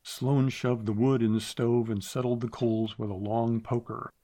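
Male narrator, western audiobook, measured, steady pace, medium pitch.

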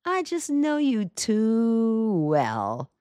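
A woman voicing a sardonic, stooped male detective with a slow, dry drawl, in an audiobook. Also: low voice, animated, dry recording.

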